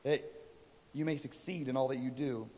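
A man's voice: mid-range voice, steady tone, normal speed, dark tone. A man preaching a sermon, retelling a story in a casual, conversational way and voicing the people in it. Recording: reverberant hall.

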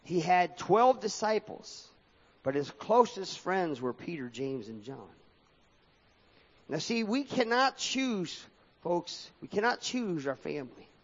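A man's voice: high-pitched, very animated, slow pace. Man preaching in a long-echo hall. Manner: sing-song preaching cadence, rising and falling sharply, reading scripture aloud. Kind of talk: sermon. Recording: dull lo-fi sound with long hall reverb.

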